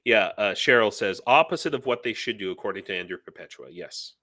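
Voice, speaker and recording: A man's voice: fairly low pitch, animated, a little fast, sharp tone. A man hosting a live news stream, giving heated, ranting commentary and reading out viewer comments. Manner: passionate, ranting, reads viewer comments aloud. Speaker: livestream news host.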